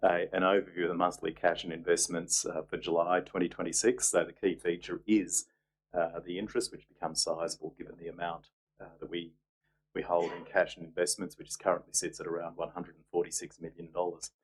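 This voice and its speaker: A man chairs a council meeting as mayor, with a very low voice that barely moves in pitch. He runs through agenda items in a businesslike way and adds dry asides. A faint hum sits behind him. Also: level tone, a little fast, low-quality recording.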